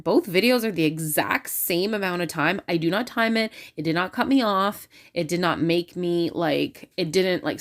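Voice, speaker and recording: Woman, lowish pitch, excitable, talkative, casual phone recording. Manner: excitable and talkative, many fillers. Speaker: religious video creator. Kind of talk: casual talk to camera.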